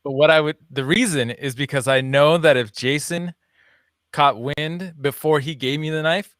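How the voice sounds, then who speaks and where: A man's voice: fairly high pitch, normal speed, a bit bright, dry recording, clean studio sound. A man co-hosting a live podcast, teasing and laughing, swearing casually. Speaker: podcast co-host.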